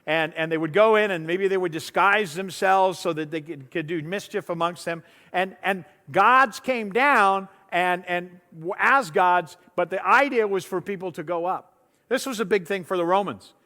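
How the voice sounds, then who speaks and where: High-voiced male pastor in a reverberant church. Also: normal speed, sharp tone. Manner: conversational, acts out disciples' voices, repeats words. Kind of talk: sermon. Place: church sanctuary. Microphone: lapel mic.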